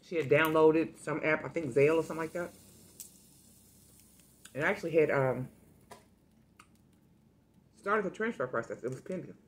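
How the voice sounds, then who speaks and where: A woman food vlogger with a fairly low voice, chatting straight to her viewers. She tells stories in an animated, familiar way, like she's catching up with friends. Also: normal speed, pauses often. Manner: chatty, addresses viewers directly, animated storytelling. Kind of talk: casual eating vlog with storytime.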